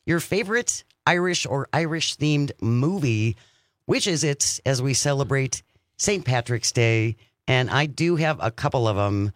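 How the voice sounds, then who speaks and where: A man's voice: mid-range voice, lively intonation, no room sound. A man hosting a radio talk show, chatting casually and upbeat in the studio. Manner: upbeat, chatty, reads phone number slowly. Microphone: studio microphone.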